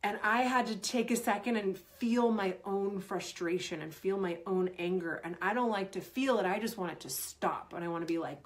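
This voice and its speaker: A woman's voice: mid-range voice, normal speed, hardly any pauses. A woman performance coach in her thirties giving earnest advice to sports parents, often acting out what a parent might say. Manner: earnest, animated, acts out parent lines. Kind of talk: Q&A advice talk.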